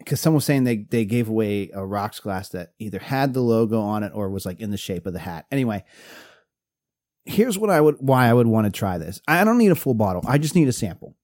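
A man's voice: on the low side, sing-song, a little fast, a little mellow, no room sound, clean studio sound. A man co-hosting a podcast in casual chat, rambling and restarting as he goes. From Pennsylvania. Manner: rambling, restarts often, laughs while telling stories. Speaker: podcast co-host.

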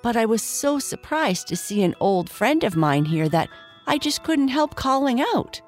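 Kindly, excitable toy rocking horse, raised bright voice, lively swings, read by a woman. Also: a little high, measured pace, faint music behind, pitched above the performer's own voice. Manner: warm, excitable, exclaiming.

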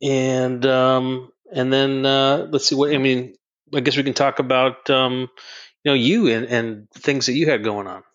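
A middle-aged man co-hosting a casual podcast, easygoing and quick to agree and laugh along. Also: medium pitch, steady tone, highs cut off. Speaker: podcast co-host. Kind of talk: casual chat.

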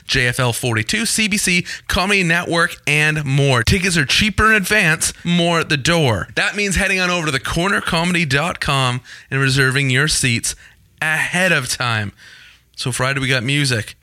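A young man hosting a podcast, plugging events in quick, joking casual chat. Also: on the high side, bright, forceful tone, dry recording. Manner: fast-talking, joking, self-deprecating. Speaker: podcast host.

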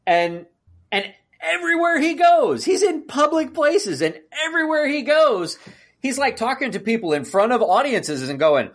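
A man co-hosting a podcast in casual chat, ranting with animated exasperation and acting out outbursts. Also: very high-pitched, moderate pace. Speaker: podcast co-host.

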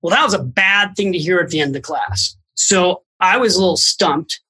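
Husky-voiced man telling a story. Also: high voice, rough recording. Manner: animated anecdotal storytelling with quick asides. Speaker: guest, financial author. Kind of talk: storytelling in a podcast conversation.

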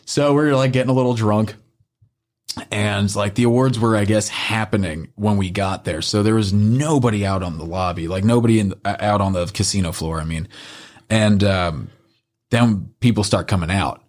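A man's voice: on the low side, moderate pace, a little mellow. Profane rambling young man telling a story. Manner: rambling, profane, lots of filler likes. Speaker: podcast host. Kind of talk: casual storytelling chat.

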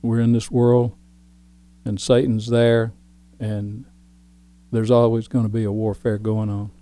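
A man speaking in a slow, measured way in a casual faith discussion. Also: fairly low pitch, level tone, mellow, clear, resonant tone.

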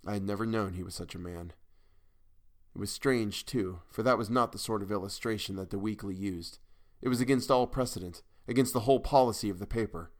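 A man's voice: lowish voice, a little fast. A man giving a dramatic first-person reading of a weird tale. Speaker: audiobook narrator. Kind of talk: scripted narration of a weird tale.

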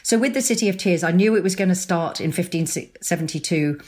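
A middle-aged woman novelist speaking as a guest in a casual interview. Her voice sits on the lower side, and she talks in an animated, tumbling way, often restarting her sentences and breaking into laughter. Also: fairly quick.

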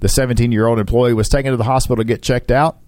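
A man's voice: mid-range voice, rapid-fire, no room sound. A man co-hosting a radio show, reading odd news headlines with jokes and laughter in between. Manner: animated, laughs often, reads headlines with playful asides. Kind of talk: joking radio banter.

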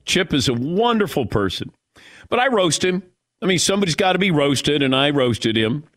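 A man's voice: on the high side, sing-song, normal speed, fairly bright tone, dry recording. A middle-aged man hosting a sports radio show, telling a story in a casual, self-mocking and emotional way.

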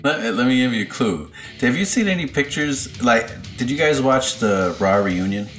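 A man's voice: mid-range voice, expressive, moderate pace, fairly bright tone, faint music behind. A man co-hosting a podcast, chatting casually and telling rambling stories with lots of laughter. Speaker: podcast co-host. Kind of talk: casual chat.

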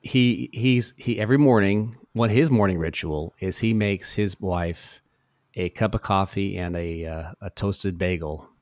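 A man co-hosting a podcast, talking haltingly with frequent restarts. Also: deep voice, darkish tone, no echo, clean studio sound. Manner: halting, restarts often, admiring. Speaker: podcast co-host. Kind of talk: casual faith podcast chat.

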